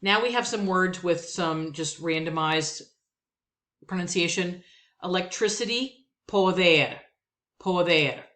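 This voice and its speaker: Slow, low-voiced woman teaching vocabulary. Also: fairly bright tone. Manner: says each Spanish word twice, slow and deliberate; plain, practical explaining. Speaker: Spanish teacher. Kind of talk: vocabulary lesson, reading word lists.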